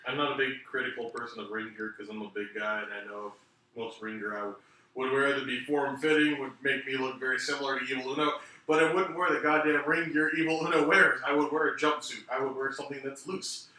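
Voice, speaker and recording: A man's voice: medium pitch, steady tone, fast, sharp tone, distant mic. Rambling man in a very echoey room. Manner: rambling, profane, self-deprecating. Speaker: podcast co-host. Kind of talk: casual wrestling chat.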